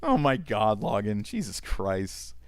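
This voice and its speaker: A man's voice: lowish voice, very animated, takes it slowly, smooth, no echo. A man streaming a game, chatting casually and swearing often as he reads chat aloud and rambles. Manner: profane, rambling, talks to chat.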